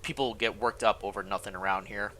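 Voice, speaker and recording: A man voicing a gruff old village man in a game, in a low and steady put-on voice. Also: a little fast, slight background noise. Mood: matter-of-fact.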